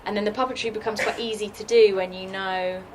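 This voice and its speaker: A woman's voice: medium pitch, fairly even intonation, brisk. A woman, a guest puppeteer in a casual Q&A, chatty with many likes and fillers. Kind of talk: casual Q&A talk. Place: festival workshop room. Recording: noisy live room recording.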